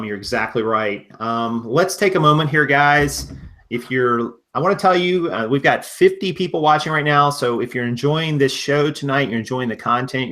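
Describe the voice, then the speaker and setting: A man's voice: mid-range voice, a bit bright. Male host, live stream interview, friendly chatty manner, talks to viewers.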